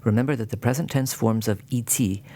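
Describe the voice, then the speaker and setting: A man teaching a language lesson in clear scripted narration, with dry humor. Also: medium pitch, brisk, mellow.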